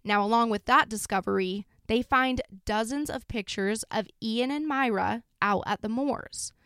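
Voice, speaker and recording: A woman with a smooth, clear voice narrates a true crime story in a loose, chatty way, full of fillers. She sounds close and dry, with no room around her. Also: a little high, measured pace, fairly bright tone, dry recording. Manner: casual, sombre retelling with frequent fillers. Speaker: podcast host.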